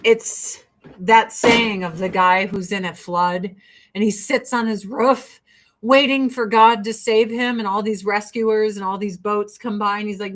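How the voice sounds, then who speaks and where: A woman's voice: medium pitch, steady tone, a little slow. A woman doing her makeup while ranting in a blunt, profane, fired-up way. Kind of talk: casual get-ready-with-me rant.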